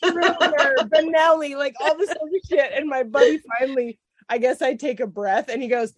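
A woman, a podcast guest, telling a story in casual chat. She is animated, swears freely and laughs often. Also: high voice, normal speed, no echo.

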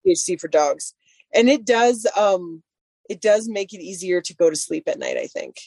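A woman's voice: on the low side, animated, normal speed, vocal fry, darkish tone, husky, no room sound. A woman chatting casually and telling a long story about her dogs, full of "like" fillers. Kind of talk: casual chat.

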